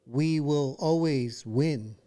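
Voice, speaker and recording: A man's voice: fairly high pitch, takes it slowly, mellow. A man co-hosting a podcast, agreeing often and speaking with many fillers in casual chat. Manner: frequent short agreements, hesitant with fillers.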